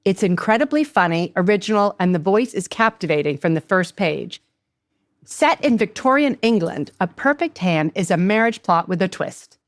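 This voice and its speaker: A woman's voice: medium pitch, animated, moderate pace, dry recording, studio quality. A woman hosting a book podcast, reading a scripted introduction and asking questions with enthusiasm. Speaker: podcast host.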